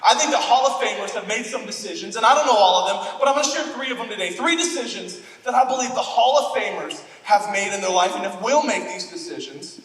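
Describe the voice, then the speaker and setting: A man's voice: sits high, expressive, fast talker, few pauses, a bit bright, far from the mic. Florida pastor guy preaching, cracks jokes at himself, long church reverb. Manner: joking, self-deprecating storyteller. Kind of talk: sermon. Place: church auditorium.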